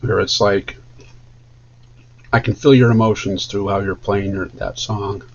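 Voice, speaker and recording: A man's voice: lowish voice, fairly even intonation, a little slow, creaky, lo-fi sound, slight background noise. A man streaming casually while he draws, chatting in an enthusiastic, rambling way. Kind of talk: casual chat while drawing.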